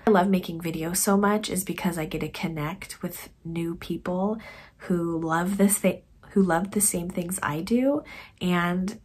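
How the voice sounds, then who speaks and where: A woman vlogger chatting casually about her knitting projects in a soft, conversational way that often trails off quietly. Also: lowish voice, a little slow, husky. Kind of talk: casual chat to camera.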